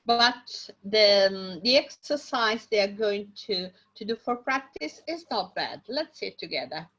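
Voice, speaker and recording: A woman teaching an English class online, talking slowly with many pauses and fillers. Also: mid-range voice, expressive, a bit bright. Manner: slow, hesitant, many fillers. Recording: dull lo-fi audio.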